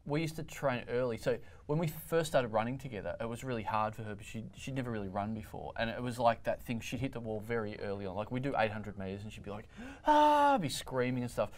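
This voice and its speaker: A man, a comedian on a panel, telling an animated story in casual chat and acting out the quotes himself. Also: medium pitch, fast, hardly any pauses.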